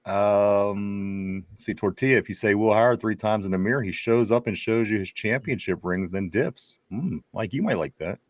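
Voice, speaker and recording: A man's voice: on the low side, moderate pace, no echo, clean studio sound. A man hosting a casual sports talk show, reading viewer comments aloud in a chatty way with frequent restarts. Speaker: podcast host.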